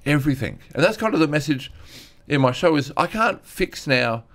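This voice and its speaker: Comedian telling raw stories. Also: male voice, on the high side, normal speed. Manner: earnest, animated retelling with acted-out quotes. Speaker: stand-up comedian guest. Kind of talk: candid conversational storytelling.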